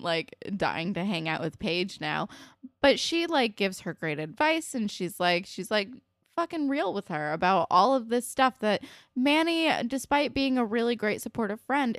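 A young woman co-hosting a casual recap podcast, animated and peppered with "like" and swearing. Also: mid-range voice, no echo, studio quality. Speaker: podcast co-host.

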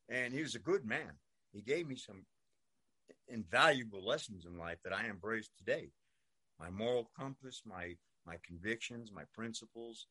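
A man's voice: medium pitch, sharp tone. Older man from Brooklyn, rambling, salty storyteller, mid-range voice. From Brooklyn, New York. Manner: rambling and profane, peppered with "man" and "you know". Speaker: former prisoner telling his story. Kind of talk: personal storytelling monologue.

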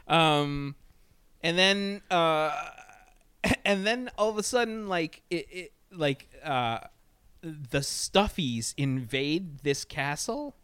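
Middle-aged dude ranting about a dumb movie, swears a lot, smooth clear voice, dry room. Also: male voice, on the high side, animated, extremely slow, fairly bright tone, no room sound. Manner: rambling, profane, laughing often. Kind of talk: casual movie review chat.

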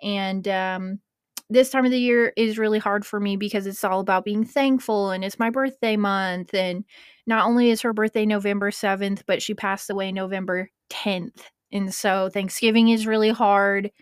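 A woman's voice: mid-range voice, fairly even intonation, normal speed, clean tone, dry recording, clean studio sound. A woman in her twenties hosting a podcast, chatting casually and emotionally and swearing now and then. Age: 20s. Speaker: podcast host.

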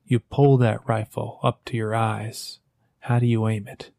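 A man narrating a tabletop game as game master, slow and solemn. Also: fairly low pitch, flat delivery, creaky, warm tone, dry recording, clean studio sound.

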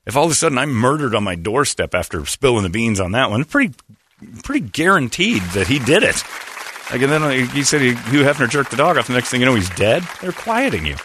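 A man's voice: mid-range voice, fast talker, some chatter behind, a little hiss or hum. A man chatting casually on a podcast as host, telling stories animatedly and acting out quotes. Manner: animated storyteller, acts out quotes. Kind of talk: casual chat.

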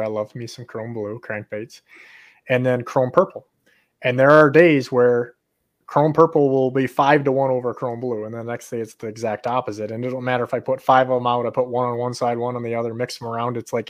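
A man who runs fishing charters, hosting a podcast and talking fishing in casual chat, animated and quick to repeat himself when excited. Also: medium pitch.

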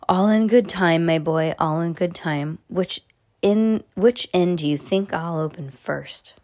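A woman reading the part of an excitable, sly old grandfather in a whispery, eager voice. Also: lowish voice, a little slow.

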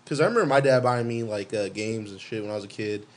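A man's voice: on the low side, quick pace. Laid-back slangy man on a podcast. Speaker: podcast co-host. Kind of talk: casual chat.

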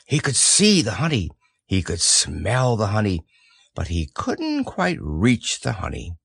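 A man reads a children's story aloud, gentle and unhurried. His voice is slow with a gravelly texture and swings through a lively melody. The sound is close and dry. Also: on the low side, dry recording.

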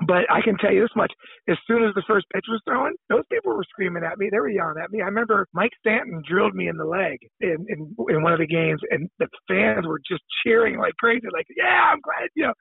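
A man's voice: high voice, fast, vocal fry, slightly rough, dry recording. A man calling in as a podcast guest, talking in a rambling way and repeating words as he thinks. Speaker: podcast guest, former ballplayer. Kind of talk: phone-in interview chat. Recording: tinny phone line.

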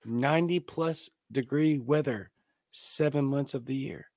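A man's voice: medium pitch, a little slow, background noise. A man from Louisiana co-hosting a casual online talk show, rambling easily through a story over his laptop. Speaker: podcast co-host. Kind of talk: casual chat. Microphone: laptop webcam.

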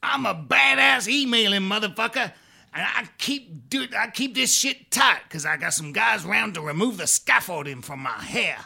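Brash footballer, put on by a male host: lively high voice with a gravelly edge, boasting and swearing. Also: moderate pace, full character voice. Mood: boastful. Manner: boastful, profane, sing-song.

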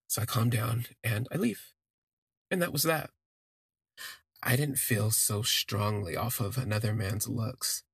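A man's voice: medium pitch, normal speed, creaky, a bit bright, slightly rough, no room sound, clean studio sound. A man telling a personal story on a podcast, rambling and correcting himself as he gushes. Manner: rambling, self-correcting, gushing.

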